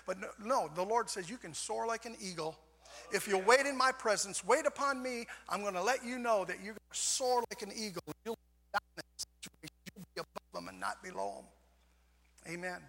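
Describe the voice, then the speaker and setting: An older man preaching a sermon in a folksy way, repeating "amen" and swinging from soft passages to shouts. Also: sits high, expressive, normal speed. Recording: long hall reverb.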